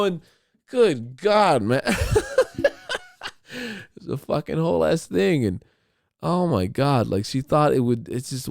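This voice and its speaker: A man's voice: smooth, no echo, clean studio sound. A man hosting a podcast, telling a rambling, profane story in a casual chat. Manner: rambling, profane, acts out quotes in high voices. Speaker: podcast host.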